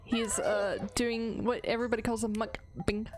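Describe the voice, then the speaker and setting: A woman's voice: on the high side, level tone, moderate pace. A woman streaming a game, chatting casually and playfully teasing, laughing often, with game music behind her. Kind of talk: casual live-stream chat.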